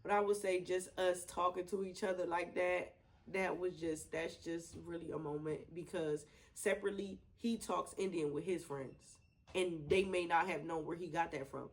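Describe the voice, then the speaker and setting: A woman being interviewed about her twin brother, talking in a loose, chatty way with lots of laughter, and going soft and quiet when she says she misses him. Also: on the low side, fairly even intonation, moderate pace, rough recording. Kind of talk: casual interview.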